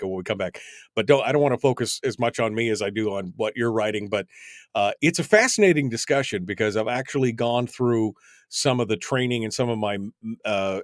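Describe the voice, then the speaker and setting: Rambling radio host, dry sound. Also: male voice, lowish voice, dry recording. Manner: rambling, many fillers and restarts. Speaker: radio show host and voice actor. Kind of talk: casual radio interview chat.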